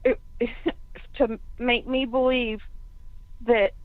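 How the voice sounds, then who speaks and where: A woman talks slowly and hesitantly on a conference call, restarting her sentences as she works through her thoughts. Her voice sits a little high. It comes through a dry, tinny phone line. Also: level tone, dry recording. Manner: hesitant, restarts, thinks aloud. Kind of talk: casual discussion on a call.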